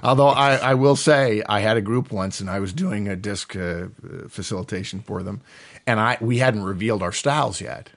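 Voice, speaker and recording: A middle-aged man co-hosting a podcast in a fast, animated manner, often breaking into laughter. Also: on the low side. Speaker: podcast co-host. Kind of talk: animated casual chat.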